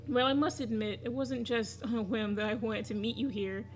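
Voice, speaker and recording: A woman's voice: a little high, steady tone, moderate pace, slight background noise, lightly acted. A woman reading aloud the lines of an obsessive, clingy young man from a game, in her own everyday voice. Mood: earnest. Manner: reads game dialogue aloud plainly.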